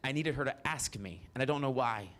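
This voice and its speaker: A man's voice: mid-range voice, fairly quick, a bit bright. A man, telling his life story on stage in a frank, profane style with asides to the audience. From Mississippi. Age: 40s. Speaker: solo performer. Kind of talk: autobiographical stand-up storytelling.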